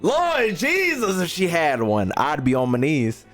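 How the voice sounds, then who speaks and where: Male streamer, casual profane commentary, lively swings in pitch, game music faint behind. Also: normal speed. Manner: loud, profane, animated reactions. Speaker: gaming streamer. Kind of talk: casual let's-play commentary.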